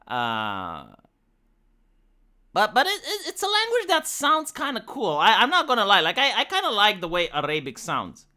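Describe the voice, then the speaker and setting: A Romanian-accented streamer, a native Romanian speaker, chatting loosely and crudely with an audience. The pitch swoops up and down freely. The tone is bright and sharp, full of "like" and repeated starts. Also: huge pitch swings, normal speed. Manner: rambling, profane, jokey, with frequent fillers and restarts. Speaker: live streamer. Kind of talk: casual live-stream chat answering viewers.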